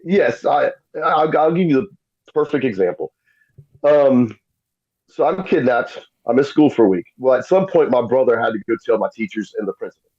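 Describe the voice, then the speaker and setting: A man's voice: medium pitch, normal speed, slightly rough. Guy, middle-aged, spinning a yarn on a podcast, slightly dull sound. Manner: animated, acts out quoted voices. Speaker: podcast guest. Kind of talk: casual storytelling.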